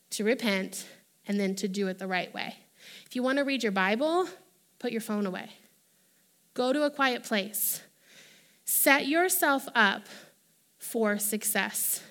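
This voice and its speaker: A woman delivers a sermon in a high, bright voice. She is animated and lively, and she slips into playful quoted voices to act out her points. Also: slow, pauses often. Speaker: preacher.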